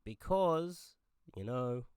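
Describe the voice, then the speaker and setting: A man's voice: mid-range voice, animated, extremely slow, darkish tone, clear, resonant tone, no echo, studio quality. An Australian man giving an angry political rant, heated, swearing and often repeating himself. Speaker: political commentator. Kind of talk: angry ranting monologue.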